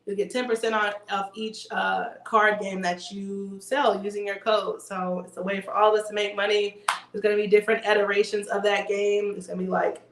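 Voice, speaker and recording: A woman's voice: medium pitch, reverberant. A woman hosting a casual livestream, chatting and joking with viewers. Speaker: livestream host.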